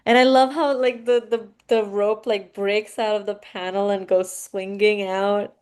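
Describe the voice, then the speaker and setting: A woman's voice: medium pitch, fairly even intonation, unhurried, darkish tone, smooth. A woman leading a comics workshop, giving effusive praise over a video call. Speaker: workshop leader. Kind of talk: casual feedback.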